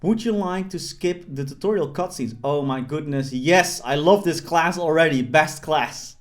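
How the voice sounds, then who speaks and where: A young gaming YouTuber with a fairly high voice does loose, joking voice-over on his gameplay at a measured pace. Rambling through fillers and restarts, he sounds like a host chatting to viewers from his desk.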